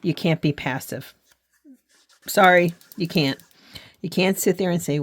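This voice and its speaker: A woman's voice: fairly low pitch, a little slow, long pauses. A middle-aged woman hosting a faith and journaling channel, talking to camera in an earnest, frank way with frequent restarts. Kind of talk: casual talk to camera.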